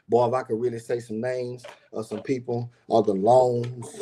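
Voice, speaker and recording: A middle-aged business owner tells a personal story straight to his viewers, rambling and slangy and swearing freely. His voice is medium in pitch and warm, with a little hiss or hum behind it. It's a casual storytelling monologue.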